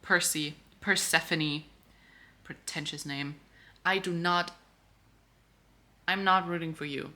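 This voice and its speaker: Woman ranting casually about a book, bright edgy voice, low-ish pitch. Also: takes it slowly, pauses often. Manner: animated, outspoken, swears freely. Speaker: book vlogger. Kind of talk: casual reading reaction.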